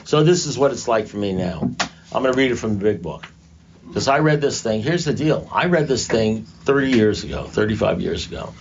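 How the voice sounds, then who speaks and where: Older man, low gravelly voice, self-mocking storyteller at a group meeting, muffled lo-fi room recording. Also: animated, brisk, slight background noise. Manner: conversational, self-mocking humor. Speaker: recovery meeting speaker.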